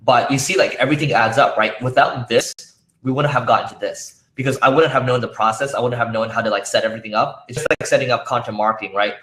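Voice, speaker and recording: In a conference talk recorded with roomy echo, a man speaks quickly in a steady, mid-range voice that sounds pushed and bright. He talks casually with lots of fillers and restarts, his voice worn down and going.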